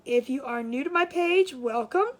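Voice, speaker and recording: Chatty woman livestreaming her crafts, a bit out of breath, higher-pitched voice. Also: expressive, normal speed. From Maryland, USA. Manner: chatty, greets viewers by name. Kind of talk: casual live chat while crafting.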